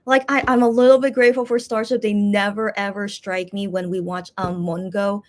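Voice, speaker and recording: A woman's voice: mid-range voice, little pitch movement, brisk. A woman host chatting casually to her viewers, rambling with many fillers and restarts, frustrated and complaining. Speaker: YouTube channel host.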